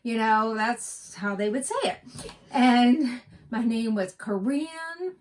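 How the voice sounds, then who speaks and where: Middle-aged woman from west virginia, kinda high voice, rambles on telling stories in a stitching vlog. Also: takes it slowly. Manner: rambling, storytelling, chatty. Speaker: cross-stitch vlog co-host. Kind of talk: casual chat.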